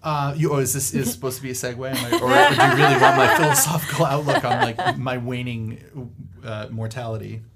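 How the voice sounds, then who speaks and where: Guy cohosting a podcast, rambly, lots of uhs and restarts, regular pitch. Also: animated, a little fast, over a noisy crowd. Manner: rambling, many fillers and restarts. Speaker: podcast co-host. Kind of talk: casual panel chat.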